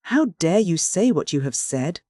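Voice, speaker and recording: A narrator voicing a stout, theatrical middle-aged widow whose voice turns shrill and hard with anger. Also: lively intonation, moderate pace, a little mellow, no echo, clean studio sound, natural voice. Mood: furious.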